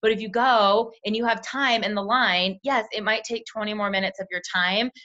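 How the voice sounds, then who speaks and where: A young woman, a team leader, coaching sales recruits in a chatty way, acting out quick bits of dialogue. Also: mid-range voice, fairly even intonation, sharp tone. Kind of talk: coaching call talk. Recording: dull lo-fi call audio.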